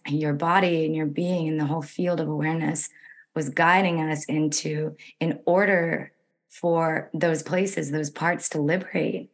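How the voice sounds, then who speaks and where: A woman healing practitioner who is losing her voice, explaining her work in a calm, flowing way. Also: sits low. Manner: calm, flowing, gently spiritual wording. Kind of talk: conversational explanation.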